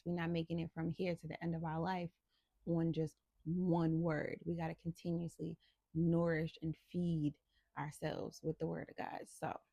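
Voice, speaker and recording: A woman's voice: fairly low pitch, vocal fry, mellow, dry recording. A woman hosting a casual Bible devotional, talking to listeners in a chatty, playful and encouraging way. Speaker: host of a faith devotional channel.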